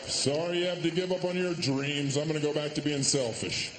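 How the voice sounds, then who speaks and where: A man performing a stand-up comedy set on a stage, sarcastic and deadpan, with sudden loud put-on voices. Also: fairly high pitch, brisk, big-room sound. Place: comedy stage before a live audience. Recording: live stage recording with audience noise.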